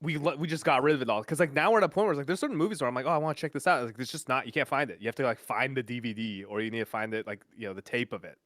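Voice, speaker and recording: A man reminiscing in casual podcast chat, rambling with halting restarts. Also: mid-range voice, fairly bright tone, no room sound, studio quality.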